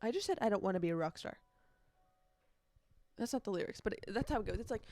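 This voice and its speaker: A woman's voice: lowish voice, quick pace, dark tone, no echo. A young woman hosting her own casual podcast, rambling chattily and breaking into snatches of song. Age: young adult. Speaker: podcast host. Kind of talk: casual solo podcast chat. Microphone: earbuds.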